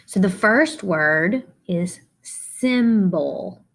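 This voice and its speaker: A middle-aged woman teaching a children's phonics lesson, slowly and deliberately spelling out letters and syllables. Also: mid-range voice, lively intonation.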